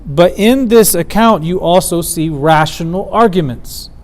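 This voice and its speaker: A man teaching a theology lecture at a community center, explaining verses in a measured way and slowing down for quoted lines. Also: high voice. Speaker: Islamic studies teacher.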